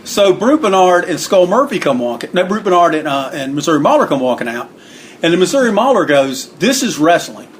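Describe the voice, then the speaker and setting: A man's voice: big pitch swings, fairly quick, slight background noise. Rambling man telling old stories. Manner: rambling, acts out quotes with raised pitch. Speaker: interview guest, wrestling book author. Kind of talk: casual storytelling.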